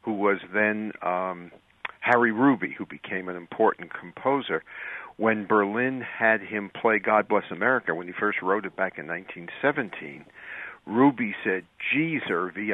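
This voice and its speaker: A man's voice: on the low side, no echo. Wry older man, tinny phone line. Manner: wry self-described curmudgeon. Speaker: guest. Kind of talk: radio interview storytelling.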